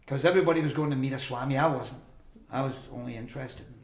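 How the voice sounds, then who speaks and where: A man's voice: medium pitch, fairly even intonation, fast talker, roomy sound. An older man telling a long personal story in a casual interview, acting out the voices of the people he quotes. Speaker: interview guest.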